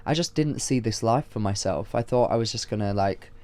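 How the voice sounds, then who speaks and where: A young man in his twenties co-hosting a podcast, telling stories in a casual, animated way with lots of fillers. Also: on the low side, brisk. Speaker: podcast co-host. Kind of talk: casual chat.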